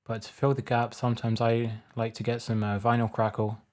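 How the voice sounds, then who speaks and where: A man casually talking through a music production tutorial step by step in a relaxed, plain way. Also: medium pitch, brisk. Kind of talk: casual screen-recorded tutorial.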